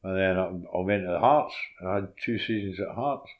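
An older man with a Scottish accent, a former footballer telling animated stories in a casual interview and acting out the dialogue. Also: low-pitched, normal speed, lo-fi sound. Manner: animated anecdotes, laughs while telling, drops into quoted dialogue.

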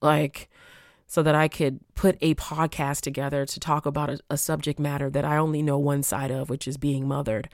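A woman hosts a solo podcast, her voice sitting low in pitch. She reads out answers with quiet, heartfelt sincerity. The sound is dry and close, with no room echo. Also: flat delivery, moderate pace. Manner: heartfelt, reflective, reading listener answers aloud. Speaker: podcast host.

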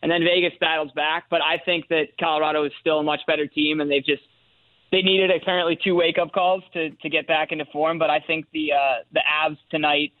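A man calling in as a sports betting analyst, laying out his picks in a relaxed way with fillers and measured reasoning. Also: fairly high pitch, no room sound. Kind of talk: phone-in radio sports picks. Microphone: phone line. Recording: tinny dry phone line.

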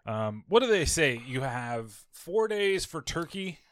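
A man's voice: fairly high pitch, very animated, slow pace, no echo. A man hosting a casual podcast, joking around, swearing freely and laughing often. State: hiccuping. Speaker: podcast host. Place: indoor studio setup.

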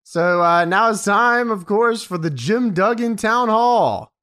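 A man co-hosting a casual podcast, his voice a little high and his pitch rising and falling freely. He narrates events in a relaxed way and swears casually. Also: slow, dry recording, clean studio sound. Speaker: podcast co-host. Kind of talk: casual chat recapping wrestling.

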